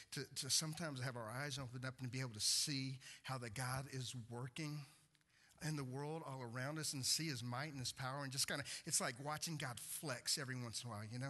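A man's voice: medium pitch, sharp tone, husky. A man, a pastor preaching a conversational sermon full of stories and restarts. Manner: conversational storytelling with repeated restarts.

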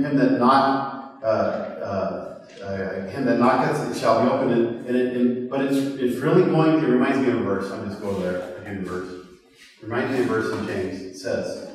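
Guy giving a chatty sermon, keeps asking the crowd "okay?", big echoey church hall. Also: medium pitch. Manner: conversational, halting, repeats words, asks the crowd questions. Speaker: preacher. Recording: roomy hall from far off.

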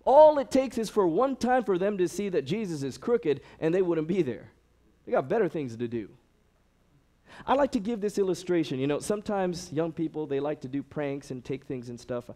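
A ministry director delivers a sermon-style talk, telling stories conversationally with frequent fillers and acting out the people he quotes. His voice is on the high side, at a moderate pace.

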